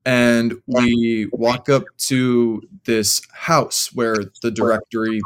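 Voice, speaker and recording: A man's voice: medium pitch, little pitch movement, slow pace, slight background noise. Rambling young Midwestern man telling a story. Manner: rambling, many fillers. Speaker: podcast guest. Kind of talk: casual storytelling.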